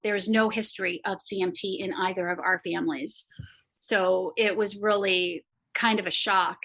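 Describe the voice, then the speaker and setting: A woman guest, a coach and former psychotherapist, answers podcast questions in a quick, articulate way. Her voice is bright and forceful, at an ordinary pitch for a woman. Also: steady tone, rough recording.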